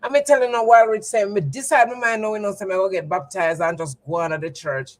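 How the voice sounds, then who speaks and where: A woman's voice: medium pitch, fast, rough recording. A woman with a Jamaican accent, telling a personal story to her livestream viewers in an emphatic, repetitive, testimony-like way. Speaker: livestream host.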